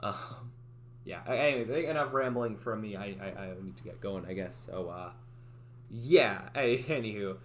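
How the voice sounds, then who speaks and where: A man's voice: fairly low pitch, normal speed, fairly bright tone, slight background noise. A man chatting casually on his livestream, rambling about his game project with lots of "like" and frequent restarts.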